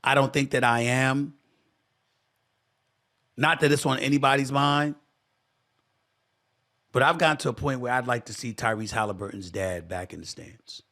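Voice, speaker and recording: His mid-range voice is bright and forceful, at normal speed with long pauses, as he hosts his own sports talk show. In an impassioned monologue he repeats phrases for emphasis and speaks to listeners as "y'all."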